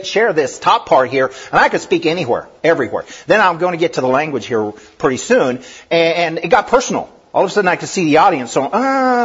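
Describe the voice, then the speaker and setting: A middle-aged man preaching a sermon, lively and given to laughing asides and acting out voices. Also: on the high side, husky. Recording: dull lo-fi recording.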